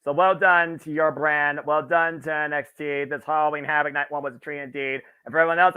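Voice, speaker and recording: A man's voice: on the high side, a little fast, hardly any pauses, bright, forceful tone, clean tone, no room sound. A man co-hosting a wrestling show, giving a grandiose, theatrical sign-off speech. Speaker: wrestling commentator co-host. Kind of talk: casual chat.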